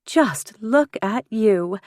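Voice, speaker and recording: A woman's voice: medium pitch, lively intonation, unhurried, no echo, studio quality. A woman reading an audiobook, voicing an effusive, playful, fashionable older sister who teases and gushes. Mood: teasing. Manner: gushing, teasing.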